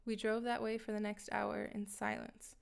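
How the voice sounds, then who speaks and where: A woman narrating a first-person horror tale in a level, unhurried way. Her delivery stays even and flat, with a gravelly fry under her words, and she drops in dry remarks to the audience. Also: medium pitch. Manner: matter-of-fact, dry asides to listeners. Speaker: storyteller.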